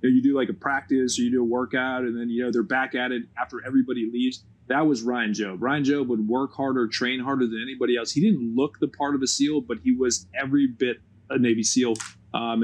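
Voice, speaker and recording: A man's voice: mid-range voice, fairly quick. Profane, laughing man telling war stories. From United States. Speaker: guest, former Navy SEAL. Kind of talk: casual storytelling.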